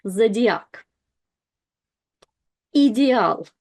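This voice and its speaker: A woman teaching pronunciation, saying each word slowly and then repeating it. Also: a little high, animated, a little mellow. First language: Russian. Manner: repeats each word twice, slow and deliberate. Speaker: language teacher. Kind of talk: slow, clear pronunciation lesson.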